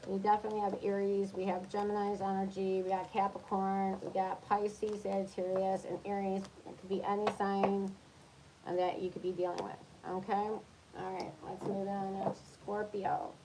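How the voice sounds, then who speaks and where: A woman reads tarot for the zodiac signs in a loose, talkative way, giving advice like a coach. Her voice sits in a middle pitch, and she keeps checking that her listeners are with her. A faint hiss sits under the voice. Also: level tone, moderate pace. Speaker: tarot reader.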